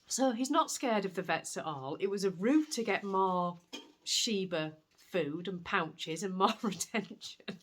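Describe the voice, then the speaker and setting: A woman with a Yorkshire accent hosting a knitting podcast, telling stories in a chatty, animated way. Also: medium pitch, measured pace. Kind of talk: casual chat to camera.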